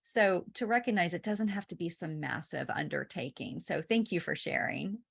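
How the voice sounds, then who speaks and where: A woman hosting a relaxed podcast interview, her voice sitting low with a gravelly edge. Her pitch rises and falls freely as she chats. She sounds encouraging and affirming toward her guest. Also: normal speed. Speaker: podcast host. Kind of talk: casual interview chat.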